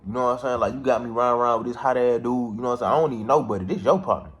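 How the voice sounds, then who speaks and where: A young adult man tells a personal story casually and animatedly, racing along in heavy slang and repeatedly using "you know what I'm saying" as a filler. His voice is medium in pitch.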